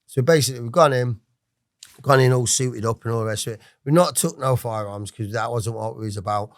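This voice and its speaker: A man's voice: mid-range voice, brisk, dry recording, clean studio sound. A man in his forties with an English accent, a podcast guest telling his life story in a rambling, swearing way with many restarts. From England. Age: 40s. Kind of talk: casual storytelling interview.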